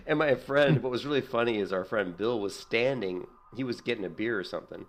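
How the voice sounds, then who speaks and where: A man chatting casually while gaming, telling animated stories and jumping up high when he quotes himself. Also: a little fast, few pauses. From United States. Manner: storytelling, jumps high when quoting himself. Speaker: gaming streamer.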